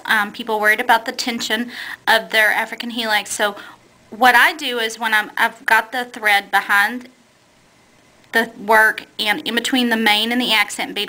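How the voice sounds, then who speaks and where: A woman walks through a beadwork tutorial one step at a time, her voice sitting a little high and sounding crisp and bright. She talks plainly and patiently, stopping now and then to fix a slip while her hands stay busy. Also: rough recording. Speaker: beading instructor.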